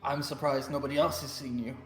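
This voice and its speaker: Slow hesitant guy playing a tabletop game, stammers a lot, roomy sound with music. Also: mid-range voice, little pitch movement, a bit bright. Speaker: player. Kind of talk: casual tabletop game play.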